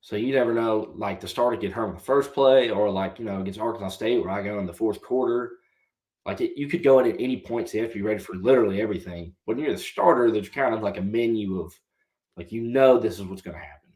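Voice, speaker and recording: A man's voice: lowish voice, fast, a little mellow. A young man in his twenties, a podcast guest and former college quarterback, telling a long story in a casual way and answering politely with "yes, sir.". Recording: roomy echo.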